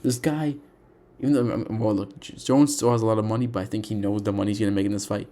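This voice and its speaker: A young man talking casually about fighters, animated and repetitive, often restarting his sentences and saying "bro" and "dude". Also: lowish voice, quick pace. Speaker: MMA commentator. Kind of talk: casual opinion monologue.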